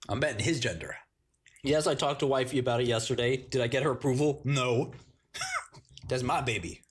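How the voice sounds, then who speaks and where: A man's voice: mid-range voice, moderate pace. A man hosting a casual livestream, mocking chat with sarcastic riffs and bursts of laughter. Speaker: livestream host.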